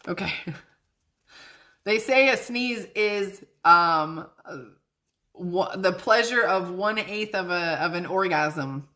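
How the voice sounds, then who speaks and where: A woman's voice: fairly low pitch, drawn-out words, pauses often, pushed and bright. A young woman hosting a casual livestream as a psychic medium, chatty and bubbly, often laughing as she talks to viewers.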